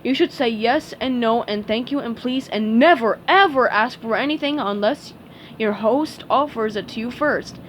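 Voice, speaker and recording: A woman voicing a dim, friendly male starfish who talks slowly and loudly in a storybook reading. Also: a little high, a little hiss or hum, natural voice. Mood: dopey. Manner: slow, dopey, emphatic.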